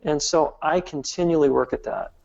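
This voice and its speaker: A man's voice: on the high side, normal speed, gravelly, a little mellow. Man with muffled lo-fi audio, earnest explainer. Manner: earnest, explains step by step with many restarts. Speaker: guest relationship expert. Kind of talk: casual interview talk.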